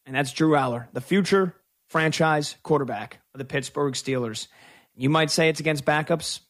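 Emphatic, higher-voiced sports radio host. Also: male voice, fairly bright tone. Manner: opinionated, emphatic, with drawn-out stresses. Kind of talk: call-in sports talk radio.

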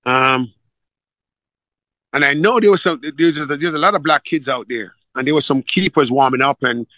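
A man's voice: medium pitch, normal speed, no room sound, rough recording. A middle-aged man from Jamaica with a Jamaican accent, a football coach telling stories in a casual interview and acting out the voices of the people he quotes. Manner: animated storyteller, acts out quoted dialogue.

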